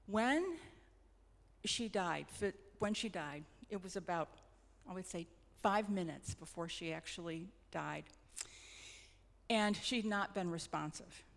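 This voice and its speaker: A middle-aged woman, a hospice nurse, telling personal stories in a gentle, reflective, sometimes halting way. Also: fairly low pitch, lively intonation, creaky. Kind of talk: personal storytelling talk. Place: church hall. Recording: long hall reverb.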